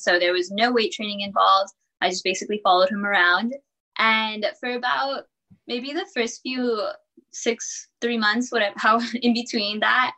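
A young woman in her twenties with a bright, forceful tone talks easily as a podcast guest. She is chatty and upbeat, sprinkles in laughs, and leans on fillers like "like" and "um" as she tells her story. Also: medium pitch, rough recording. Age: 20s. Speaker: podcast guest, college student and personal trainer. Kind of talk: casual interview chat.

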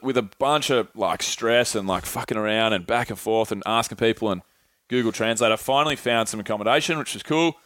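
A man's voice: mid-range voice, a bit bright, no room sound. A young man telling travel stories in a casual, laid-back chat, swearing freely and acting out the people he quotes. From Australia. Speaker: podcast guest.

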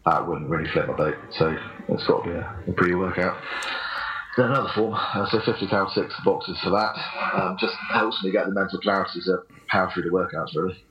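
A man's voice: deep voice, a little fast, background noise. A man in his thirties, a fitness athlete guest on a casual podcast, talking hesitantly with lots of ums and little chuckles. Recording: dull lo-fi recording.

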